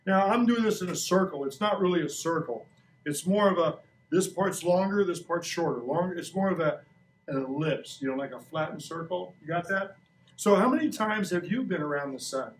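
60s guy teaching kids science, jokey, asks lots of questions, kinda high voice, echoey room from far off. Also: lively intonation, a little fast, a little hiss or hum. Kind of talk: classroom science demo. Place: school classroom. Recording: echoey classroom recorded from a distance.

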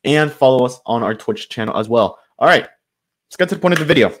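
A man's voice: mid-range voice, expressive, fairly quick. Male sports channel host, mid-range voice, exasperated improvised fan rant. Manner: frustrated, ranting, loosely improvised with fillers. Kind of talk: solo sports commentary rant.

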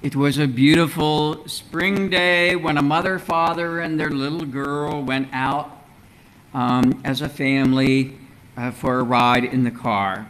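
A man preaching a sermon as pastor in a church, in a measured, earnest way with rhetorical questions. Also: fairly high pitch, steady tone, a bit bright, slight background noise, low-quality recording. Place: church sanctuary.

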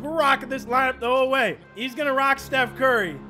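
Gaming commentator, male, high bright voice, hypes up every play, some shouting. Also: brisk, hardly any pauses, faint music behind. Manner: excitable, shouting at big plays. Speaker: gaming YouTuber. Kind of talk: live gameplay commentary.

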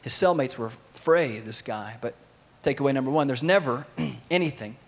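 A man preaching a sermon to his congregation, telling a story with lively energy and sometimes acting out the voices of its characters. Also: medium pitch, moderate pace. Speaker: pastor.

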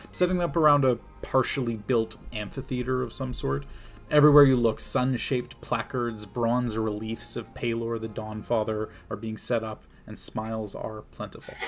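A man running a tabletop game, narrating a scene with steady, descriptive detail. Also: medium pitch. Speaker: game master.

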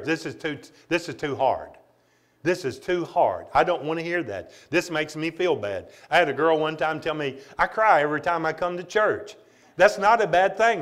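A man preaching a sermon as pastor, emphatic, often calling out "Amen?" and moving between loud and quiet delivery. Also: high-pitched. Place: church, streamed online.

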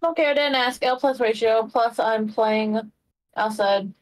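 A woman chatting casually on a stream, teasing in a deadpan way. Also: a little high, unhurried, poor audio. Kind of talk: casual chat.

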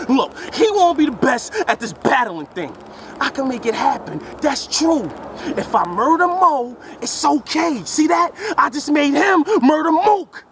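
A man's voice: extremely high pitch, sing-song, measured pace, fairly bright tone, slight background noise. A man performing a live battle rap, delivering aggressive, taunting punchlines at his opponent. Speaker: battle rapper.

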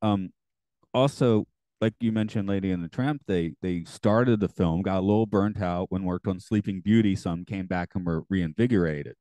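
A man co-hosting a podcast in casual chat, relaxed and rambling with a wry humor. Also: low-pitched, normal speed, no echo. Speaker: podcast co-host.

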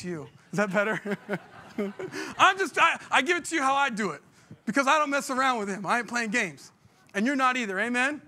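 A middle-aged man preaching with a very high, bright voice. He drives his points hard with blunt, folksy phrasing and rhetorical questions to the congregation. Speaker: pastor. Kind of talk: sermon.

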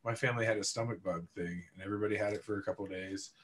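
A man's voice: on the low side, fairly even intonation, very fast, a bit bright, slight background noise. A man co-hosting a casual group chat show, joking around and teasing the others in a playful way. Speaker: podcast co-host.

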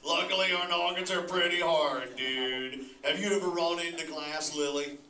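Guy doing a chill surfer turtle dad, says dude nonstop, kinda high voice, echoey far-off hall sound. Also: moderate pace. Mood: stoked, laid-back. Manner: drawls "dude" constantly in surfer slang; lively, laughs often, talks straight to the audience. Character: laid-back surfer-dude male sea turtle dad. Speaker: live show performer chatting with an audience.

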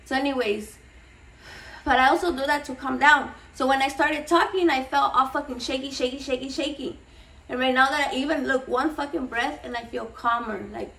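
A woman's voice: high voice, normal speed, gravelly. A woman, hosting a cooking vlog in a casual, rambling, swear-heavy chat. She mixes Spanish slang into her English and sounds a little shaky and nervous. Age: 30s. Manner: profane, excitable, switching between English and Spanish slang. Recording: voice a bit far from the mic.

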